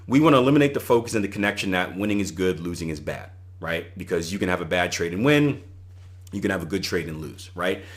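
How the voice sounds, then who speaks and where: A man's voice: sits low, fast talker. Man coaching in a casual podcast talk. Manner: conversational, coaching, animated retelling of anecdotes. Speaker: podcast host and trading coach. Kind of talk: solo podcast monologue.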